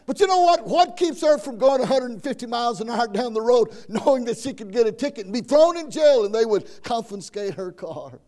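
A man's voice: very high voice, expressive, brisk, hardly any pauses, a little mellow. A man preaching a folksy sermon, telling stories and acting out the quoted voices.

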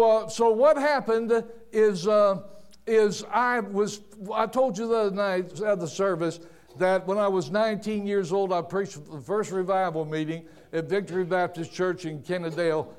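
Un predicador mayor que cuenta historias bíblicas en un sermón, con tono campechano y enfático, repitiendo palabras y haciendo comentarios al margen. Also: male voice, high voice, clean tone. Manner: folksy and emphatic, with restarts and asides. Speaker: preacher. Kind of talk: storytelling sermon.

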